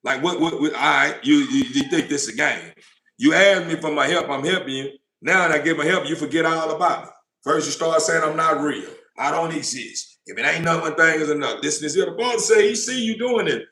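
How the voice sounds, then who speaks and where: A man's voice: on the high side, a little fast, bright, forceful tone. A man delivering a blunt, profane, impassioned monologue about God, acting out God and doubters in turn. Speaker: informal preacher. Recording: roomy echo.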